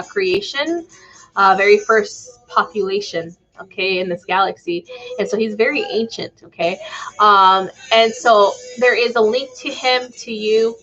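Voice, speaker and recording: This psychic channeler on a live stream has a mid-range, fairly bright voice, and the recording's highs are cut off. She rambles casually, filling her talk with "um" and "like" and ending lines with "okay?"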